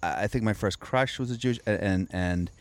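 Wry, low-voiced male comedian. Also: a little fast. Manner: wry, self-deprecating storytelling. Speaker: comedian guest. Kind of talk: casual podcast interview.

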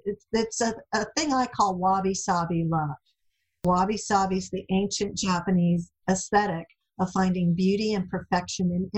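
Middle-aged woman guest, husky, animated storyteller, mid pitch. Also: low-quality recording. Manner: animated storyteller, acts out quotes. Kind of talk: casual interview chat.

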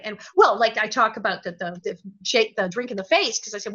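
A woman being interviewed as a guest, telling animated stories, often laughing and acting out the voices of people she quotes. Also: fairly high pitch, brisk, hardly any pauses, dull audio. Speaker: guest, former actress.

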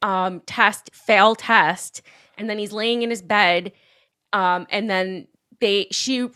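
A woman co-hosting a casual chat, recapping a movie plot with quick asides. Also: mid-range voice, steady tone, pushed and bright, clean tone. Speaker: podcast co-host.

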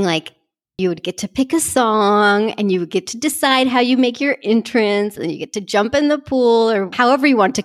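A woman speaking in a personal vlog, gushing and heartfelt, emotional and close to tears. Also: mid-range voice. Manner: gushing, heartfelt, tearful at times. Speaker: vlogger speaking to her community.

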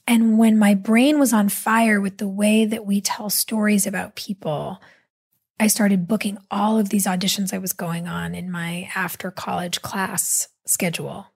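Breathy woman telling stories animatedly. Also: mid-range voice. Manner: animated, quick asides, acts out quotes. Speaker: interview guest. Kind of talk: casual conversational storytelling.

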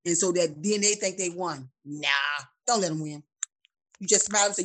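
A woman in her forties in casual chat, animated and preachy, laughing often, heard over a video call. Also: lowish voice, normal speed. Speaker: guest.

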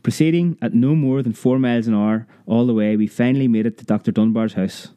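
A man narrating a memoir audiobook in a measured, vivid storytelling manner. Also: mid-range voice, fairly even intonation, dark tone, no room sound.

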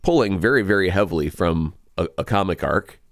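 A man's voice: low voice, lively intonation, a little fast, no echo, studio quality. A man co-hosting a podcast, chatting casually and rambling through a movie review with restarts. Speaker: podcast co-host. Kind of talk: casual chat.

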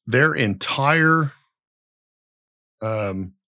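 A man's voice: medium pitch, animated, extremely slow, pushed and bright, no room sound, studio quality. A middle-aged man hosting a podcast, telling a long story in a rambling, blunt and profane way. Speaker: podcast host. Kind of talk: casual podcast chat.

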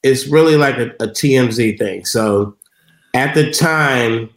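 A man's voice: mid-range voice, unhurried, roomy sound. A man talking as a guest in a casual chat, laid-back and chuckling. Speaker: guest rapper.

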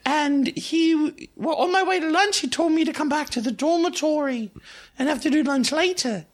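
A woman voicing Harriet, a bubbly, excitable teenage schoolgirl who talks in a giggly, high-pitched voice. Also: moderate pace, close to an everyday voice. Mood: flustered. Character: bubbly teen girl student Harriet.

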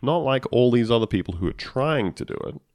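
A man co-hosting a casual political chat, animated and sarcastic, acting out quotes as he goes. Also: mid-range voice, a little fast, dry recording, studio quality.

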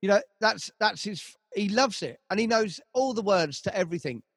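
A man's voice: high voice, lively intonation, moderate pace, a bit bright, husky, no room sound, studio quality. A man, a band manager telling rambling stories in casual conversation, with a lot of swearing and restarts. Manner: rambling storytelling, heavy swearing, frequent restarts.

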